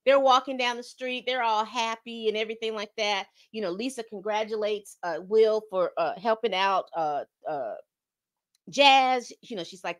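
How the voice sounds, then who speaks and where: Animated woman recapping a show. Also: fairly high pitch, moderate pace. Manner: animated storytelling, acts out quotes, calls listeners "baby". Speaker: podcast host recapping a TV episode. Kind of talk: casual recap chat.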